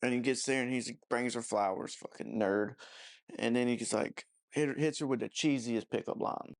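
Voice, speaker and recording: A man's voice: medium pitch, steady tone, normal speed. A man giving a casual, rambling movie review, mocking and profane, with lots of "you know" and "I don't know" fillers.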